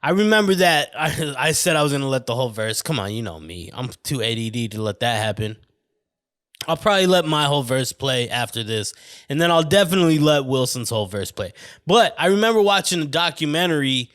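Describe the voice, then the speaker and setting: A man's voice: mid-range voice, very animated, brisk, a bit bright, no room sound. Man, podcast host, rambling casual chat, swearing, tangents, dry close sound. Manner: rambling, off on tangents, swearing, often saying "you know what I mean". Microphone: studio mic on camera.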